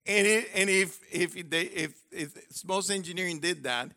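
High, bright-voiced man preaching. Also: a little slow. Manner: animated, jokey, acts out voices. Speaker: university professor. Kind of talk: sermon.

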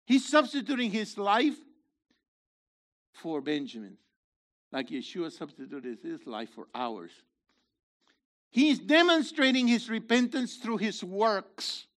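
A man preaching a sermon in a theatrical way, acting out voices and swinging from shouts to hushed asides. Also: sits high, wildly swooping pitch, takes it slowly, pauses often.

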